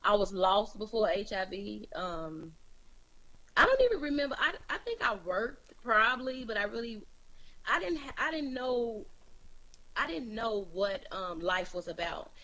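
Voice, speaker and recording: A woman's voice: medium pitch, big pitch swings, a little slow, sharp tone, poor audio. Candid woman guest from Chicago. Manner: candid, plain-spoken, laughs easily. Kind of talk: interview, sharing her story.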